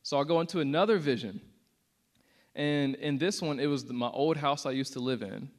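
A man's voice: mid-range voice, a little fast. A young man giving a casual, earnest testimony to a church audience, with many fillers. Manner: casual and earnest, many "like" fillers, acts out quotes with rising intensity. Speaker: speaker sharing a testimony.

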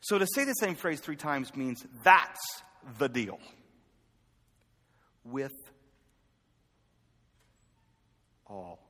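A man preaching a sermon in a conversational, self-deprecating way, swinging from loud calls to the congregation to quiet asides. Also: on the high side, very animated, a little slow, breathy edge. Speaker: pastor. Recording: echoey hall reverb.

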